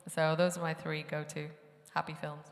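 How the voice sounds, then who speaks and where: Woman, lowish pitch, playful panelist, echoey hall. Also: little pitch movement, moderate pace, gravelly. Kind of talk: casual panel chat. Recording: echoey hall, live event.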